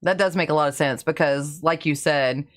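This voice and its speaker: A woman's voice: sits low, moderate pace. A woman hosting a casual podcast interview, agreeing readily and laughing often. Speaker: podcast host.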